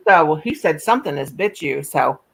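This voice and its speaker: On a live stream, a woman with a low, animated, gravelly and husky voice chats casually. She spins a rambling, folksy story full of quick asides.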